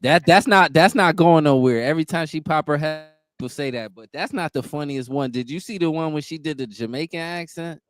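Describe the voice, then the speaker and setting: A man co-hosting a video reaction show, trading loud, joking, slangy banter in casual chat. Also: a little high, a little fast, hardly any pauses.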